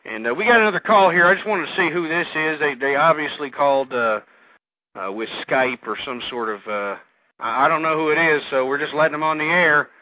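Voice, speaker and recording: A male talk radio host with a fairly high voice, ranting angrily and stumbling over repeated words. The sound is dry and thin, like a phone line. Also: a little fast, no echo. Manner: angry, ranting, repeats himself.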